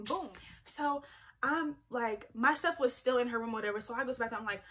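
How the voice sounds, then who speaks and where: Husky, bright-voiced young woman vlogger. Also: high voice, fast. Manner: animated, chatty, lots of "like" fillers. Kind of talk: storytime vlog.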